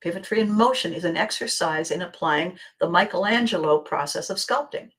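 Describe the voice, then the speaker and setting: Slow, dramatic woman podcast host. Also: lowish voice, a bit bright. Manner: slow, deliberate, dramatic pauses dropping to near-whispers. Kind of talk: reflective motivational monologue.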